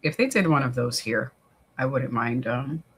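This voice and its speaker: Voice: medium pitch, moderate pace, fairly bright tone, slight background noise. Rambling, chatty livestream host. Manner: rambling, chatty, many fillers and restarts. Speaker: livestream watch-party host. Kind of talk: casual livestream chat, reading viewer comments. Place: home, lives in the New York area.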